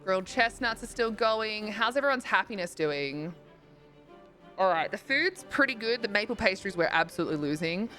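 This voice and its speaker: A woman's voice: medium pitch, animated, normal speed, bright, forceful tone, faint music behind. A young woman streaming a game live, chatting with viewers and thinking aloud, swearing casually and breaking into squeals. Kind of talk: casual live-stream chat while playing.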